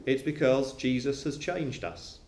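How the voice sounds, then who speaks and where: A man preaching a sermon to a congregation, animated and acting out quoted voices. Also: mid-range voice, a little slow. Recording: roomy echo of a hall.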